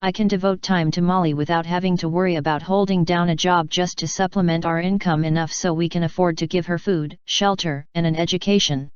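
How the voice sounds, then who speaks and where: A woman voicing a female pony who is a wife close to tears, defensive and hurt, in a very smooth, dry, lo-fi reading. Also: lowish voice, fairly even intonation, brisk, few pauses, no room sound, close to an everyday voice. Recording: dull lo-fi.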